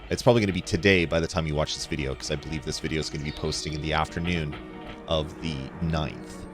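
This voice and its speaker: A man's voice: rumbling low, fairly even intonation, fast, music in the background. A man hosting a gaming channel, chatting casually over gameplay, laughing often and trailing off with fillers. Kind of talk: casual let's-play commentary.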